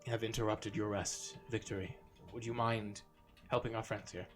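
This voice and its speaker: A man voicing a gentle older woman who keeps a chapel, speaking softly and hesitantly. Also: lowish voice, fairly even intonation, moderate pace, lightly acted. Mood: worried. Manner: soft-spoken, hesitant, worried. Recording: background music.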